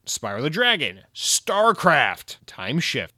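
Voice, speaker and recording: Excitable, swearing young man ranting about games. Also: a little high, measured pace, hardly any pauses, dry recording, clean studio sound. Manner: profane, rambling, excitable. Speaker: gaming commentator. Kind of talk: casual rant.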